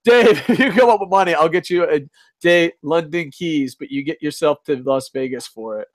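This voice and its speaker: A man's voice: fairly high pitch, moderate pace. A man hosting a casual live stream, reading chat, swearing and ranting, laughing often. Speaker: host.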